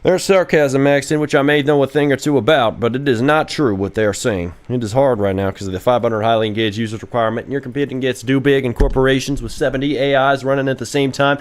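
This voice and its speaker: A young man live-streaming while he builds games, chatting casually in a brash, profane, excitable way and answering viewer questions. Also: mid-range voice, fairly quick. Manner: reads viewer chat questions aloud and answers. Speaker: game developer streaming live. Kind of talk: casual livestream chat while coding.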